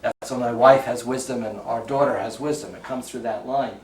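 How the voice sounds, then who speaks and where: A man's voice: medium pitch, steady tone, normal speed. A middle-aged man with a Bronx accent giving a chatty, joking talk to a live audience. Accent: New York (Bronx). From the Bronx, New York. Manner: chatty, jokey storyteller with audience asides. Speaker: lecturer. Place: lecture room. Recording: roomy sound, from far off, faint background noise.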